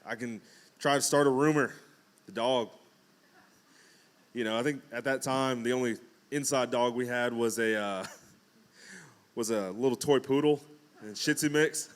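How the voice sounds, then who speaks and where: A man preaching in a relaxed, conversational way from a church pulpit. His voice sits at a middle pitch. He breaks into acted-out quotes and jokes as he goes. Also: unhurried, pauses often. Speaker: pastor. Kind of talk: casual sermon.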